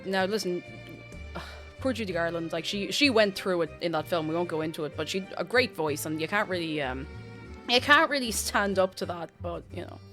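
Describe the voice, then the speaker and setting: A young adult woman chatting casually on a live stream. She talks to her viewers in an animated way, stops and restarts her sentences, and stays close to her desk mic. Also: on the low side, normal speed, soft background music. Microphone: desk microphone.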